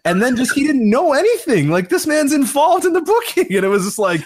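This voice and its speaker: A man's voice: high voice, fairly quick, slight background noise. A man co-hosting a casual podcast, telling stories with lots of laughter and acting out quotes from others. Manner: animated storytelling, acts out quotes, laughs often. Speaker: podcast co-host. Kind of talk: casual wrestling podcast chat.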